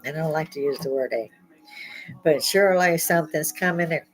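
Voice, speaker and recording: An older woman hosting a podcast, talking in a rambling, opinionated monologue, salty and quick to laugh at her own jokes. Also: low-pitched, soft background music, low-quality recording. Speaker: podcast host.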